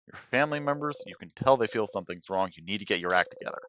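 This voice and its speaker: A man streaming a game, reading its narration aloud expressively, swinging from hushed to sudden loud. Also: fairly low pitch, expressive, rapid-fire, slight background noise.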